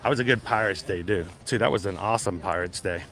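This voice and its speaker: A man's voice: low voice, quick pace, a bit bright. A man hosting a casual live stream outdoors at a theme park, chatting in an upbeat way and speaking straight to his viewers in the chat. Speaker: livestream host. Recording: noisy outdoor ambience.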